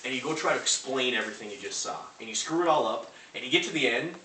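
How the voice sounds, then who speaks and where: Brash young man with a bright voice. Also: mid-range voice, lively intonation, quick pace, few pauses. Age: young adult. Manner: brash, punchy rhetorical questions to the crowd. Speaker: network marketing presenter. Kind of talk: motivational sales presentation. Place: large room in a house with a live audience. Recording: roomy, distant recording with faint hiss.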